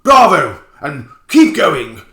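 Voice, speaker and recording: Man doing a pompous posh politician: booming, bluster, high and loud, echoey room. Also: huge pitch swings, slow, heavily acted. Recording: roomy echo.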